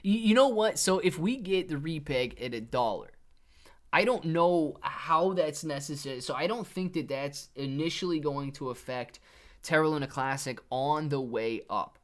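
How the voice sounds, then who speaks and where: A laid-back livestream trading host from Ohio, USA, reads his chat aloud, calling viewers "man" and "dude." His voice sits on the high side and moves at a normal speed in this casual stream.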